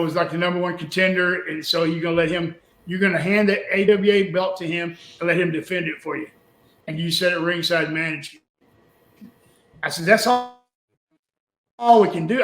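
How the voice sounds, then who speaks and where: A man's voice: high-pitched, fairly bright tone, slight background noise. An older man, a former wrestling booker, telling a rambling, folksy story with chuckles in an interview clip. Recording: echoey room.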